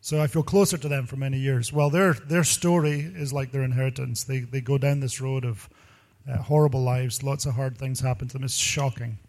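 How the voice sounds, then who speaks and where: A male pastor giving a sermon full of personal stories, talking in an animated, rambling way and laughing often. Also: medium pitch, a little fast.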